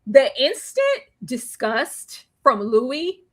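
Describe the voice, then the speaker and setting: A woman's voice: a little high, big pitch swings, slow, slightly rough. A woman hosting a live discussion of a TV episode, laughing often and acting out the characters' lines. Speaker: host.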